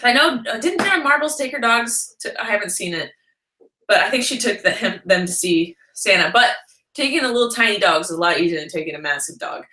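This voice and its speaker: A woman's voice: medium pitch, animated, fairly quick, sharp tone. A woman chatting casually on a livestream, rambling and laughing often as she answers comments. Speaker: vlogger live-streaming. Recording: roomy echo.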